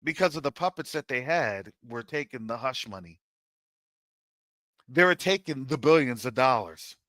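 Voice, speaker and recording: A man from Florida hosting his own channel, talking in a casual, animated commentary monologue with jokey asides and preacher-like calls. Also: medium pitch, normal speed, no room sound. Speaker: channel host.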